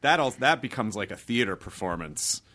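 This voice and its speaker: A man hosting a casual chat among comedians, talking quickly and rambling with many restarts. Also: on the low side, expressive, sharp tone. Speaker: podcast host and comedian.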